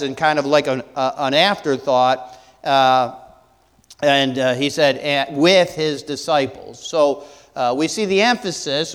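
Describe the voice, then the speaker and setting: Pastor, man, sermon delivery, smooth resonant voice, hesitant with fillers, long hall reverb. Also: a little high. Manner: halting, many fillers and restarts, rhetorical questions.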